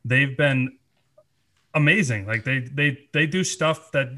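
Bright-voiced man breaking down hockey. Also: mid-range voice, slow pace. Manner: confident, lays out arguments. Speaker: podcast co-host. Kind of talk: casual sports analysis.

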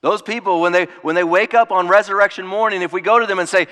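A man preaching a sermon in an earnest way, dropping to hushed tones and rising to emphatic ones. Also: high-pitched, fast talker, few pauses, smooth, long reverb tail. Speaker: pastor.

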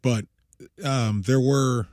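A man's voice: medium pitch, fairly even intonation, slow pace, darkish tone, no echo, clean studio sound. A man co-hosting a casual sports podcast, telling stories in a rambling way and often correcting himself mid-sentence. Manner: rambling, self-correcting storyteller. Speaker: podcast co-host.

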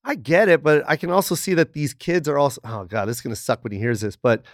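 A middle-aged man, a comedian guest in a casual interview, telling stories in an animated, profane, rambling way. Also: on the high side, fast talker, dry recording, studio quality.

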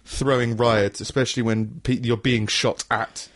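A man's voice: mid-range voice, fairly even intonation, a little slow, a bit bright. A man co-hosting a casual comedic podcast, rambling, laughing often and swearing freely. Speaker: podcast co-host.

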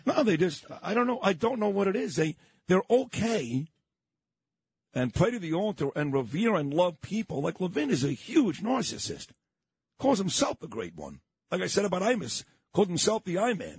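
A man's voice: high voice, big pitch swings, normal speed, a little mellow, breathy edge. A man with a New York accent hosting a morning radio talk show, ranting in a combative, indignant way and repeating his points. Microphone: studio microphone.

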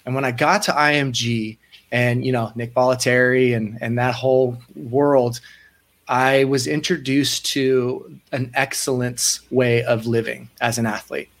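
A man's voice: mid-range voice, a little slow. Man, thirties, sports psych coach; casual interview storyteller who acts out quotes. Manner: animated, acts out quoted voices, frequent restarts.

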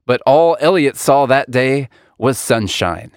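A man's voice: mid-range voice, expressive, unhurried, clear, resonant tone, no room sound. Laughing male podcast co-host, dry sound. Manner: laughs often, reads articles aloud. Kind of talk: casual political chat.

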